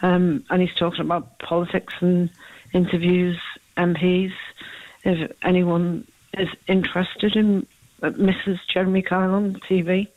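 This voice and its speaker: A woman's voice: lowish voice, level tone, a little slow, no echo, narrow, tinny audio. A woman calling a radio phone-in who is losing her voice and talks in a rambling way with many fillers. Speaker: caller.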